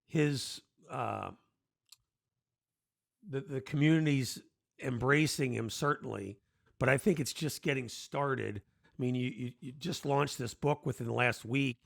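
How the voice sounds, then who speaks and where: Gravelly-voiced male podcast host. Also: mid-range voice, no echo, clean studio sound. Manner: hesitant, halting phrasing with restarts. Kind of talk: interview questions.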